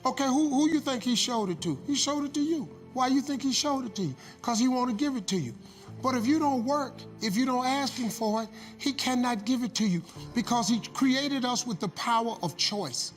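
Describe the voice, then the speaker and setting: A man's voice: very high voice, normal speed, in a large hall, faint music behind. A man giving a preached motivational speech, rhythmic and repeating lines for emphasis. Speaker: motivational speaker.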